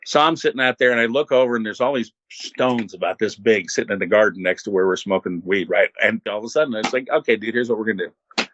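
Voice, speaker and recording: An older man, a former radio host, telling stories as an interview guest in an animated, laid-back way and acting out what people said. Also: on the low side, fast talker, hardly any pauses, highs cut off, slight background noise. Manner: animated, laid-back storyteller who acts out quotes. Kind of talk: casual storytelling.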